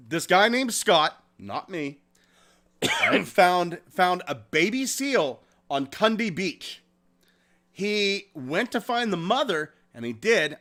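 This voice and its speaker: Animated, profane male podcast host. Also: high voice. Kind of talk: casual podcast chat.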